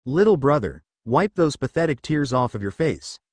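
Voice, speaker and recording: A man voicing a cold, sneering older-brother ninja in a story reading, speaking lower and quieter than his narration. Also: very animated, normal speed, dry recording.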